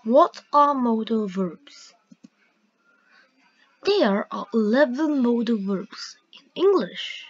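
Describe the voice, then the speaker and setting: A woman teaching a grammar lesson, reading example sentences aloud slowly and carefully. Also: fairly high pitch, expressive, breathy edge. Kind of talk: slow grammar lesson narration. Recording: dull lo-fi recording.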